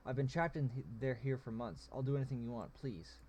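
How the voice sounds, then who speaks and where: A man's voice: mid-range voice, steady tone, a little fast, darkish tone, a little hiss or hum, close to an everyday voice. Figure: caged male tiger mage, read by a man. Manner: pleading, then proud. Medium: read-aloud fantasy game. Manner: pleading, defiant.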